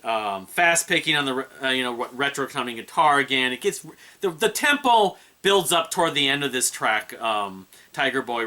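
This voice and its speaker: A man's voice: medium pitch, pushed and bright. A man reviewing an album in a casual, rambling way, with many fillers and restarts. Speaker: music reviewer.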